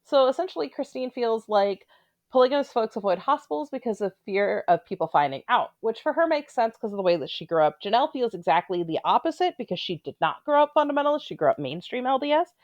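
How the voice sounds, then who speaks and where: A woman's voice: a little high, very animated, quick pace, a little mellow, no room sound, dull audio. A woman giving casual, opinionated commentary on a reality show, with blunt, sarcastic asides.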